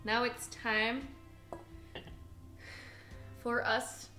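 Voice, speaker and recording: Chatty high-voiced woman streaming her cooking. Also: steady tone, drawn-out words, long pauses, sharp tone, roomy sound, soft background music. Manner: chatty, self-teasing, giggly. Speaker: cooking livestreamer. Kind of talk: casual live cooking stream chat. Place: home kitchen.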